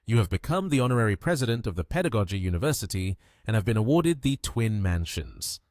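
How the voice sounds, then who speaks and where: A man's voice: on the low side, sing-song, fast, darkish tone, no room sound, clean studio sound. A man voicing a servile system that formally announces rewards to its master. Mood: announcing.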